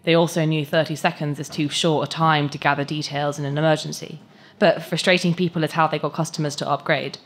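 A woman reading a short story aloud at a live event, with measured, expressive narration. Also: sits low. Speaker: story reader.

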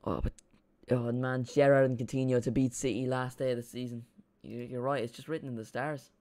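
A young man hosting a live football stream. His voice is smooth and resonant, with a middle pitch. He rambles through excitable banter with his viewers. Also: brisk. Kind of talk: live football watch-along chat.

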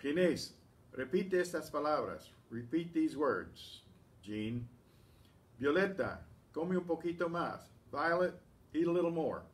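A male Spanish teacher at a slow, patient pace, reading out examples and explaining them one by one. He often pauses to clear his throat. His voice sounds distant, as if the mic is set some way off. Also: a little high, lively intonation. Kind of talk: language lesson. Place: classroom or community center room.

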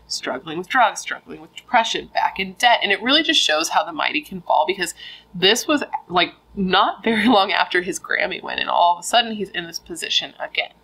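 A woman's voice: on the low side, expressive, brisk, gravelly, pushed and bright, rough recording. A young woman casually retelling a true crime story, chatty and full of filler words.

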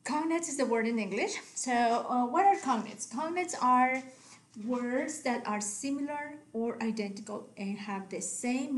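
Woman, teacher, recorded lesson, patient, slow repeated word pairs, slightly high voice, roomy echo. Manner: patient, repeats word pairs slowly, frequent "okay?" checks. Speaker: Spanish teacher. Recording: echoey room, faint background hiss.

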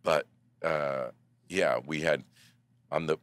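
A man guest on a podcast, telling theater stories in a measured, theatrical way. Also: very deep voice, fairly even intonation, a bit bright. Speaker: guest actor. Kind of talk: casual storytelling.

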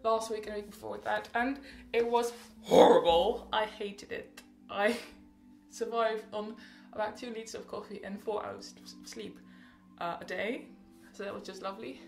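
A woman's voice: medium pitch, level tone, moderate pace, vocal fry, hardly any pauses, echoey room, soft background music. A teenage girl chatting casually in a rambling, bubbly update vlog, often laughing and correcting herself. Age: teens. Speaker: vlogger.

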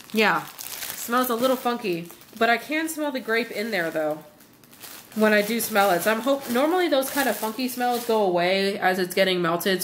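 A woman's voice: mid-range voice, fairly bright tone. A woman chatting casually at home in a haul vlog, rambling with lots of fillers as she sniffs and reviews wax melts, with a faint hiss behind her.

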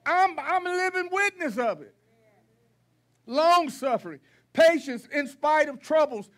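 A man preaching a sermon to his congregation in a church, folksy and blunt, driving points home with repetition and rising to shouts. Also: very high voice, animated, a little slow. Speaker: pastor. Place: church sanctuary.

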